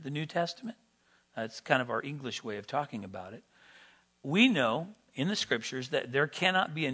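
Preaching a sermon, this man swings from loud, emphatic high points down to calm, quiet instruction. His pitch is fairly high and his voice has a husky edge.

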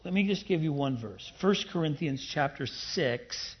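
Emphatic preacher man, husky voice. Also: fairly high pitch, lively intonation, normal speed, lo-fi sound. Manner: emphatic, rising to loud bursts; playful asides. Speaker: pastor. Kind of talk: sermon.

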